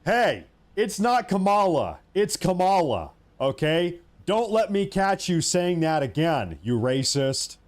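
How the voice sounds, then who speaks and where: A man voicing an indignant, self-righteous scold who shouts reprimands in mock outrage. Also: high-pitched, sing-song, slow pace, pitched above the performer's own voice, full character voice.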